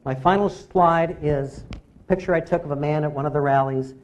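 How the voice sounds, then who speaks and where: A man speaking as an author at a public lecture, his voice sitting a little higher than most men's. He talks in an emphatic, rallying way and keeps urging the audience to act. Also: normal speed, dull audio. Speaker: author giving a public talk.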